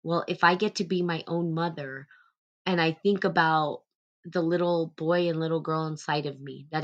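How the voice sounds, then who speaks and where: A woman hosting a live stream, talking casually about self-love in a gentle, rambling way. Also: low-pitched, highs cut off. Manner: rambling, gentle, many "like" fillers. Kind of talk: casual spiritual self-help talk.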